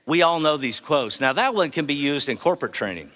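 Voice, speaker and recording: A man's voice: fairly high pitch, expressive, fairly quick, few pauses, fairly bright tone. A middle-aged man giving a motivational keynote speech in an earnest, rhetorical manner, drawing the audience in. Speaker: keynote speaker.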